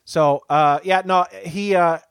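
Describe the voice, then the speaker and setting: A man co-hosting a podcast in casual chat, animated and laughing often. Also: a little high, takes it slowly, clear, resonant tone, no echo, clean studio sound. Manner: animated, laughs often, keeps saying the co-host's name. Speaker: podcast co-host.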